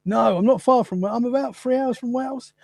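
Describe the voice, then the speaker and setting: A man's voice: very high-pitched, fairly quick, gravelly, a little mellow, dry recording, clean studio sound. A man with an Essex accent chatting casually in an easygoing way. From Essex, England. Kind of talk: casual chat.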